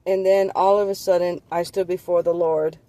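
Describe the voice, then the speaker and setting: Man, earnest spiritual testimony, rambling delivery, voice a little high. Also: little pitch movement, moderate pace, mellow, dry recording. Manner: earnest, rambling, repeats and restarts words. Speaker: vlogger sharing visions.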